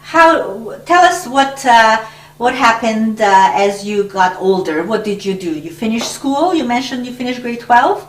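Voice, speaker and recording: A woman interviewing an older man for an oral history project, asking questions softly and hesitantly. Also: a little high, animated, measured pace. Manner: soft-spoken and hesitant, with many fillers. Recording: echoey room, mic far from her.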